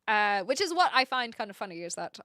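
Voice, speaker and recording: Bright, playful woman with a Kiwi accent. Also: medium pitch, very animated, a little fast, no room sound, clean studio sound. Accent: New Zealand, mixed and posh-leaning. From New Zealand. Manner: playful, giggly, self-mocking. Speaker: streamer. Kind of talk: casual live-stream chat.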